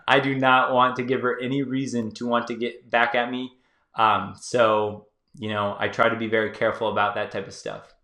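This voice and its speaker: In an echoey room, a man hosting his YouTube channel talks to viewers in a sharp-toned voice of medium pitch that barely moves. At a normal speed, he offers casual advice that is loose, conversational and heavy with fillers.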